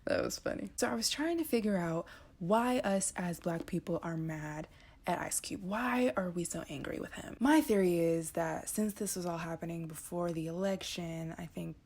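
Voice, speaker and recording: A woman's voice: lowish voice, normal speed, a little mellow. A woman vlogger delivering a casual political rant in a blunt, profane and sarcastic way.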